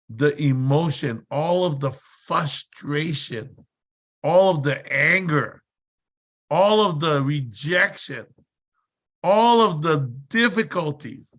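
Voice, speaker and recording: A man speaking at a seminar, telling a motivational story with emphatic, repetitive build-ups and dramatic delivery. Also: fairly high pitch. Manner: dramatic, acts out shouted quotes.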